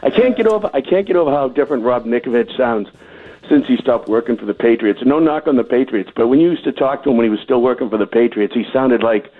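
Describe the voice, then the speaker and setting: Joking male sports radio caller. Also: mid-range voice. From Massachusetts. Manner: joking, quick with film references. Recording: muffled phone-line call.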